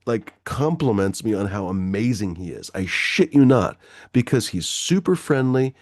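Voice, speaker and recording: Guy ranting about a dog park run-in, low mellow voice, cusses a lot, dry sound. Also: moderate pace, no echo. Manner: profane, animated anecdote-telling with many fillers. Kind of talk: casual storytelling chat.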